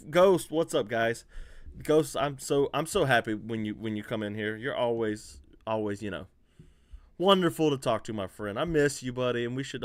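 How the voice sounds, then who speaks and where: A man hosting a relaxed livestream, his pitch swinging up and down as he jokes and laughs. His voice sounds close and dry, with no room echo around it, like a home computer mic on a video call. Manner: laughs often, animated, slangy. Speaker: podcast host. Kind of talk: casual livestream chat.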